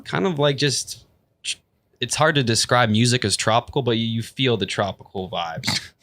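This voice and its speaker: A man's voice: mid-range voice, moderate pace, fairly bright tone, no room sound. A man visiting a podcast as a guest, asking curious questions in casual chat.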